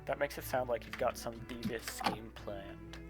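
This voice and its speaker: A man's voice: medium pitch, steady tone, moderate pace. A man in a casual gaming chat, wry and teasing with his friends. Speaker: friend on game server. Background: game music.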